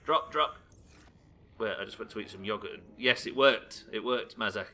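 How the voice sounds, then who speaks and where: A man's voice: fairly low pitch, moderate pace, pushed and bright. Sweary man streaming a game. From Britain. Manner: sweary, chatty, reading chat aloud. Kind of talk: live gameplay commentary.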